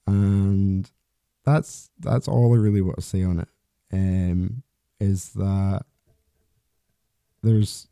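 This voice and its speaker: Man, podcast host, solo monologue, very mellow dark voice, rambling and candid. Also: deep voice, vocal fry, dry recording, clean studio sound. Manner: rambling, candid, with frequent restarts and swearing.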